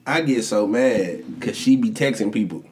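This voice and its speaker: A man co-hosting a casual sports chat, telling stories animatedly, jumping into high voices to act out quotes and laughing often. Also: moderate pace, a little hiss or hum. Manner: animated storytelling, acts out quotes with big pitch jumps, swears a lot. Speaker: podcast co-host.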